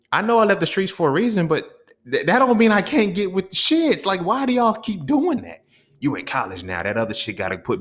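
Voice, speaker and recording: A young man hosting a podcast, talking blunt and fired up in a profane, casual monologue. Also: fairly high pitch. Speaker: podcast host.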